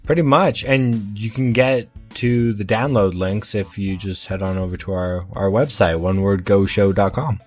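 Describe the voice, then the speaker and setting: A man co-hosting a podcast who explains things plainly and matter-of-factly. His voice sits fairly low, with faint music behind him. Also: moderate pace, hardly any pauses, darkish tone. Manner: matter-of-fact. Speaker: podcast co-host. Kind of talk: casual chat.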